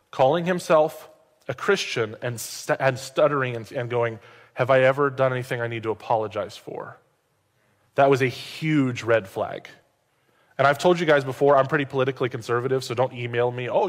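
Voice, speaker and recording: Male pastor preaching in a reverberant hall. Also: medium pitch. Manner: conversational, joking asides. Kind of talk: sermon.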